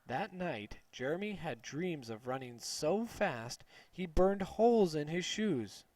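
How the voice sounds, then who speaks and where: A man reading a children's story aloud slowly and clearly for English learners. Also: fairly high pitch, dry recording. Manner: slow, clear, expressive.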